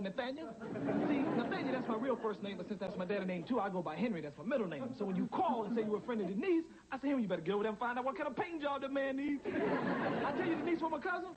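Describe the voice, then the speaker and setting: An actor playing a chatty, folksy middle-aged house painter who rambles and haggles, in a sitcom. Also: male voice, very high-pitched, animated, a loud crowd, very noisy. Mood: rambling. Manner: rambling, folksy, fast-talking. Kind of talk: sitcom acting. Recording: sitcom audio with loud studio audience.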